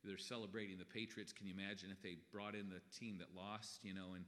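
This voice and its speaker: A man's voice: low-pitched, little pitch movement, fast talker, a bit bright, a little hiss or hum. A middle-aged man preaching a sermon as a pastor in a folksy, conversational way. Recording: long reverb in a hall.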